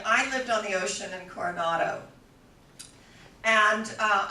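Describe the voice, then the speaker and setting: Older woman, spiritual talk, bright and forceful voice, slightly off-mic in an echoey room; storyteller who plays out her quotes. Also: fairly high pitch, distant mic. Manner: warm-toned storyteller, laughs easily, acts out quoted voices. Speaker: spiritual speaker.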